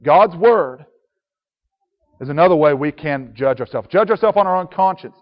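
A man preaching an earnest sermon, his fairly high voice carrying a long reverb around a church hall. He reads scripture aloud in old biblical wording. The recording is slightly dull. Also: expressive, moderate pace.

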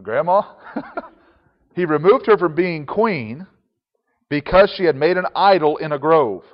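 A pastor preaching a conversational sermon with chuckling asides, reading and explaining scripture. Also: male voice, fairly high pitch, big-room sound, lo-fi sound.

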